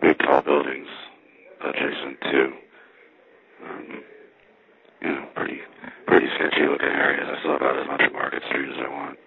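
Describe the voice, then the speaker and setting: A man's voice: rumbling low, completely flat delivery, moderate pace, vocal fry. A man talking casually in a rambling, dry way while out walking in a windy, cold city. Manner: rambling, dry, with frequent restarts. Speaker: vlogger. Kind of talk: casual walking vlog monologue. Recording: tinny phone-like recording.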